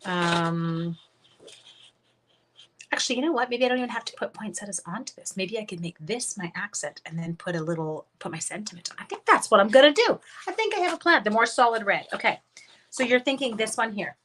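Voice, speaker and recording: A woman's voice: mid-range voice, animated, fairly quick, fairly bright tone, slight background noise. Chatty woman demonstrating card crafts. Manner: chatty, thinks aloud, greets viewers. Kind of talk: casual live crafting demo.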